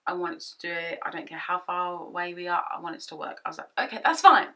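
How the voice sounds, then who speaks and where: A young woman chatting to camera from her home office, retelling a past relationship with animated quoted asides. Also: lowish voice, fast. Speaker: vlogger. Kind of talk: storytime vlog. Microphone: camera-mounted shotgun mic.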